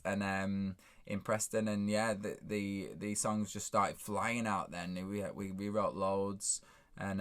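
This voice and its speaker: A man in his thirties, a songwriter, talking casually and reflectively in a halting, rambling way full of fillers. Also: on the low side, fairly bright tone. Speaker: songwriter and co-lead singer.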